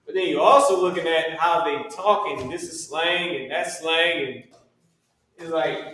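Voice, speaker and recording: A man's voice: a little high, measured pace, pushed and bright, heavy reverb, recorded from a distance, poor audio. A man teaching a religious language class, talking casually with slang and frequent restarts.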